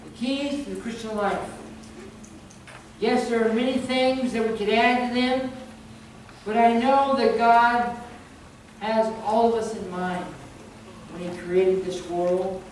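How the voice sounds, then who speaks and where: A male pastor delivers an emphatic sermon, repeating his points and breaking into chuckles as he tells stories. His voice rings through a very echoey church hall, caught from some distance off the microphone. A steady hum of room noise sits underneath. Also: sits high, slow. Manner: emphatic, repetitive, storytelling with chuckles. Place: church sanctuary.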